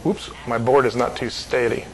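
A man's voice: mid-range voice, steady tone, normal speed, a little hiss or hum, poor audio. A man from California giving informal Bible teaching to a small group, joking and laughing often between his points.

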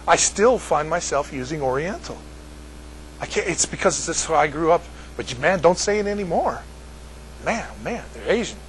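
A man's voice: fairly high pitch, expressive, moderate pace, fairly bright tone, a little hiss or hum, poor audio. An older American man telling a rambling story to a group, repeating words and laughing at his own jokes. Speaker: speaker addressing a group. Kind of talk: casual storytelling.

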